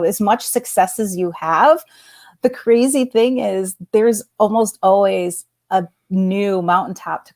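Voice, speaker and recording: With a lowish, gravelly voice, a former executive in her forties tells a personal story as a guest. She's animated and conversational, her speech full of fillers and restarts.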